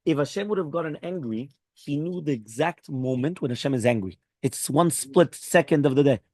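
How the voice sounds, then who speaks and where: Teaching a Daf Yomi Talmud class, a man with a lively, slightly mellow voice explains briskly in English, mixing in Hebrew and Aramaic phrases and raising his pitch to act out the dialogue. The recording is dry.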